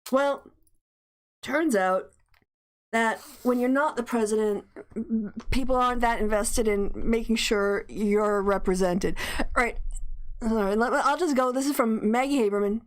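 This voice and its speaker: A woman's voice: fairly high pitch, a little slow. A woman host in casual commentary, reading news aloud with gleeful, chatty asides. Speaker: livestream host.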